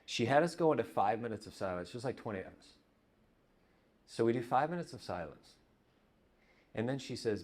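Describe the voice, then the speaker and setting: A man preaching a conversational sermon as pastor, telling stories and dropping to a hush on repeated words. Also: medium pitch, animated, normal speed, long pauses. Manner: conversational, storytelling, drops to hushed repetitions. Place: church.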